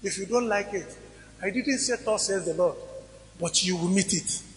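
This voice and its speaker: A man's voice: high voice, moderate pace, a little hiss or hum. Emphatic male preacher in reverberant hall. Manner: emphatic preaching with sudden loud rises and soft drops. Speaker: pastor. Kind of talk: sermon. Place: church hall. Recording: reverberant church hall recording.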